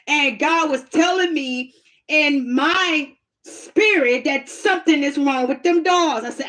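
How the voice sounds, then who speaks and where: High-voiced woman telling a story, unhurried. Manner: animated, laughs often, plain-spoken. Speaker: host sharing a testimony. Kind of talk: casual personal storytelling.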